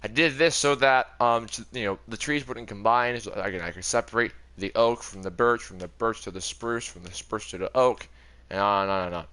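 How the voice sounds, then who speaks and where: With a fairly low, bright, and forceful voice at a brisk pace, a young gaming video creator shows off his game world. His tour is casual and rambling, full of chatty self-corrections.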